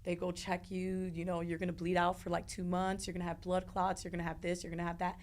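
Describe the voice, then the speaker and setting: A woman's voice: on the low side, completely flat delivery, fast, hardly any pauses, darkish tone. A young woman telling a painful personal story as an interview guest, earnest and repetitive, sometimes acting out what others said. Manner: earnest, repeats words, acts out others' voices.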